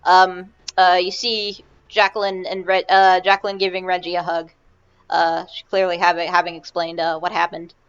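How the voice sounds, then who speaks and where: A woman's voice: on the low side, flat delivery, moderate pace, fairly bright tone, clear, resonant tone, dull audio. A woman narrating a tabletop game as game master, rambling and hesitant with many fillers.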